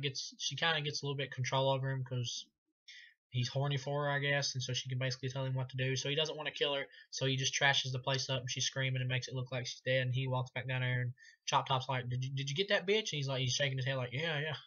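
A man's voice: mid-range voice, pushed and bright, dull audio. A man giving a casual spoken film review, rambling, laughing often and swearing freely.

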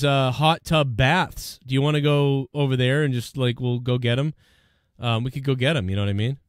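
A man's voice: mid-range voice, moderate pace, clean tone, no room sound, clean studio sound. A man with a Boston accent hosting a casual podcast chat, rambling and swearing freely. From Boston area, USA. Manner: profane, rambling, excitable. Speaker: show host.

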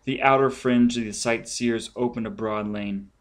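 A man reading a science fiction audiobook aloud in a measured, dramatic storytelling manner. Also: medium pitch, steady tone. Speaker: audiobook reader. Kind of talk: audiobook narration.

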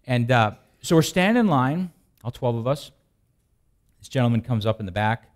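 A man's voice: medium pitch, animated, normal speed. A male pastor from the Midwest preaching a sermon in a folksy way, telling stories with jokes and asides. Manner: folksy, joking storyteller with asides and restarts.

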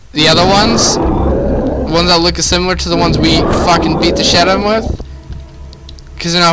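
Swearing a lot and rambling, a young man vents his frustration while commentating a horror game for his YouTube gaming channel. His pitch is fairly high, and background noise and game music sit underneath his voice.

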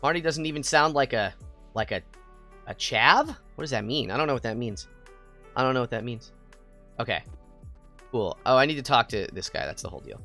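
A young American man chatting playfully while streaming a game, prone to excited squeals. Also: mid-range voice, brisk, vocal fry, long pauses, faint music behind. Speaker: VTuber streamer. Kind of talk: casual gaming stream chat.

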